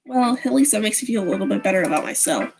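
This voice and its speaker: A woman's voice: mid-range voice, lively intonation, very fast, gravelly, a little mellow, pitched below the performer's own voice, rough recording. Sheepish teenage boy lead, dry delivery, played by a woman. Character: awkward teenage boy protagonist.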